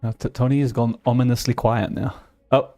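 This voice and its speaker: A man's voice: medium pitch, fairly even intonation, a little fast, mellow. A young British man with a British accent, chatting casually with his live chat while playing a game, playful and easily sidetracked. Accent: British English. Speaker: streamer.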